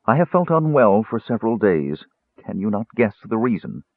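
A man voicing an intense, cold male mage who speaks in measured, brooding tones with sudden demanding edges, over a tinny phone-like line. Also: lowish voice, very animated, no room sound, voice pushed up.

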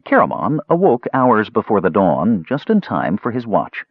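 Husky, low-voiced male storyteller. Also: huge pitch swings, moderate pace, dry recording. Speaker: audiobook narrator. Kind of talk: storybook narration. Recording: dull lo-fi dry recording.

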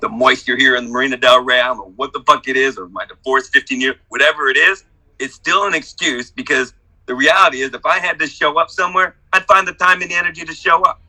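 Profane, exuberant man with a bright voice. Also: rough recording. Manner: profane, exuberant, hype-man energy swinging from low confession to shouting. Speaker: workshop participant. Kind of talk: emotional testimonial on a group video call.

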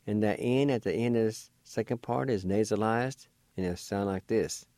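A man teaching vocabulary in a radio lesson, spelling words letter by letter and sounding out each syllable slowly and deliberately. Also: on the low side, warm tone, no room sound. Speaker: language teacher.

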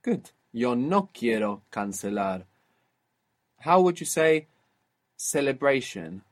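A man's voice: medium pitch, sing-song, slow pace. A man teaching a language lesson, patiently prompting and explaining.

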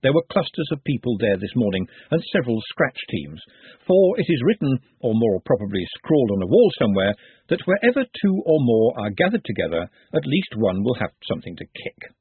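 A man narrating a story in a dry, wry, measured way. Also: mid-range voice, big pitch swings, breathy edge, no room sound. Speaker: audiobook narrator. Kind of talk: scripted narration. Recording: dry, phone-like narrow sound.

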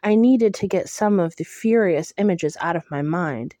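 A woman reading a first-person novel aloud in a hushed, intimate way. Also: on the low side, moderate pace, hardly any pauses, no room sound. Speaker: audiobook reader.

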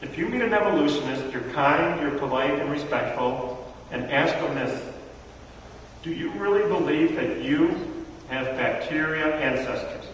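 Animated man speaking in an echoey hall. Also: a little high, measured pace, recorded from a distance, slight background noise. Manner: animated storyteller acting out dialogue. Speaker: speaker teaching a church audience. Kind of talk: lively talk to a live audience. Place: large hall with audience.

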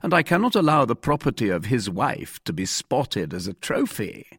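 A man's voice: mid-range voice, sing-song, moderate pace, a bit bright, breathy edge, no echo, clean studio sound, heavily acted. A man voicing a young male guardsman of the king who speaks with affected seriousness. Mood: mock-serious.

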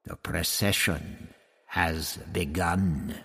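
A man voicing a hostile, limping male priest who snarls and hisses his words slowly in a storybook reading. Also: low-pitched, steady tone, creaky, sharp tone, husky, big-room sound, voice pushed down, full character voice. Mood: snarling. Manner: snarling, hissing, slow and menacing.

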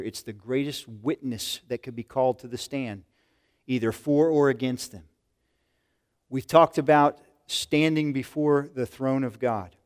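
A man's voice: medium pitch, a little mellow. Earnest older male preacher. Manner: earnest, conversational preaching with repeated restarts. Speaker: pastor. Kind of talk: sermon.

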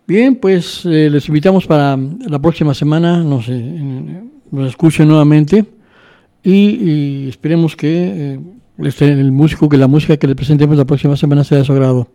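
A man hosting a radio music program, announcing the next piece in a relaxed, slightly hesitant way. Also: a little high, fairly quick. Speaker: radio music show host.

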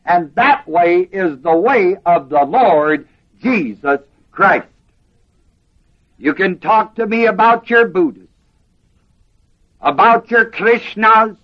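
A man's voice: high-pitched, lo-fi sound. A man preaching a sermon to a class, emphatic and asking them questions. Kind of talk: sermon teaching.

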